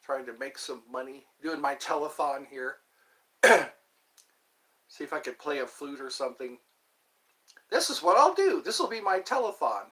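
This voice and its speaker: Rambling male streamer, bright tone, wry and self-mocking, mid-pitched. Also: moderate pace, poor audio. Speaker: livestreamer. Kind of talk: casual livestream monologue.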